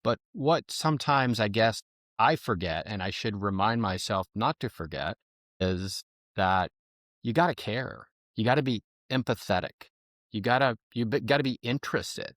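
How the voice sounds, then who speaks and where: A man's voice: fairly low pitch, lively intonation, moderate pace, fairly bright tone, dry recording, studio quality. A man hosting a podcast, talking casually, enthusiastic and affirming, often repeating words as he restarts. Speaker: podcast host.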